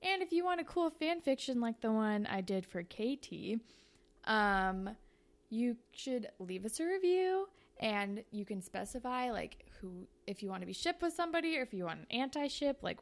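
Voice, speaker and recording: A woman's voice: a little high, lively intonation, moderate pace. A woman hosting a podcast, telling a story in a chatty, casual way full of "like" fillers. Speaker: podcast host.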